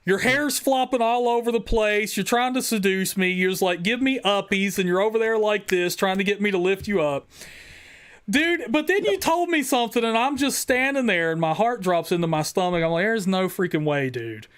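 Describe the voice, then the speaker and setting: A man from West Virginia, hosting a live stream in a casual, joking, excitable way. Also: high-pitched, normal speed, clear, resonant tone. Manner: excitable, joking, swears freely. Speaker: host.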